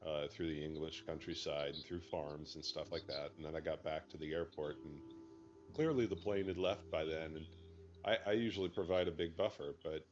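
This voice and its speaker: A man on a video call, telling a relaxed, rambling travel story in casual chat. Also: extremely low pitch, moderate pace. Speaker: group participant. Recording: dull lo-fi call audio.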